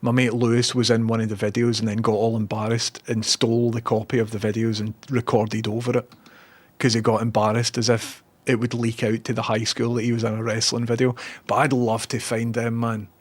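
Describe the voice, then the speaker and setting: A man's voice: mid-range voice, brisk. Chatty Scottish man telling stories. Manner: animated storyteller acting out others' lines. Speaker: Twitch streamer. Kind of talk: casual chat reading viewer comments.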